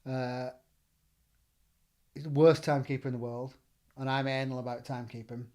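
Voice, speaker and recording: A middle-aged man with a Northern English accent, telling stories in a relaxed chat as a gym owner and trainer, acting out the lines he quotes. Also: mid-range voice, moderate pace. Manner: animated, acts out quoted dialogue. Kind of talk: casual storytelling.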